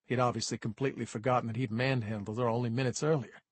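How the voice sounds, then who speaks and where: A man's voice: mid-range voice, fairly even intonation, quick pace, no room sound. A man narrating a first-person crime audiobook in a dry, wry manner.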